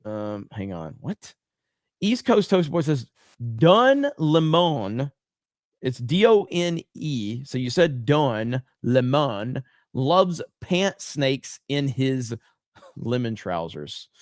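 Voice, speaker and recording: A male live-stream host reads viewer questions and answers them casually. His voice is mid-pitched and sprinkled with ums. The sound is close and dry, with no room around it. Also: slow pace, dry recording. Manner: relaxed, many ums and uhs.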